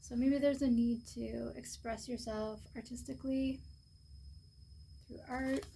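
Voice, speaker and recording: A woman giving a pick-a-card tarot reading, soft-spoken and unhurried, pausing often with fillers. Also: fairly high pitch, steady tone, gravelly, slight background noise. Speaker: tarot reader.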